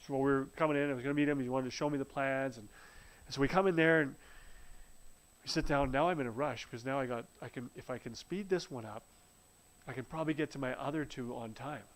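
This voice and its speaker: A man's voice: mid-range voice, fast talker, rough recording. Earnest man telling a faith story. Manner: storytelling, earnest, many restarts. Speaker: speaker sharing a faith testimony. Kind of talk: live-streamed spoken testimony.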